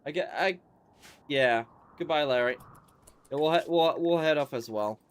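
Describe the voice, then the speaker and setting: A man's voice: on the high side, moderate pace, clear, resonant tone. A sleepy man streaming a game, reading out menu items and rambling in a tired, offhand way. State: sleepy, yawning. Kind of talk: casual gameplay commentary.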